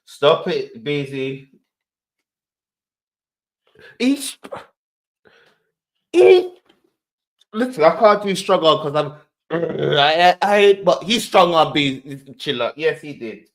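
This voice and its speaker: A man's voice: on the high side, sing-song, slow pace. A man hosting a reaction show, playful in his commentary and given to repeating phrases and acting out scenes. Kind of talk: animated commentary.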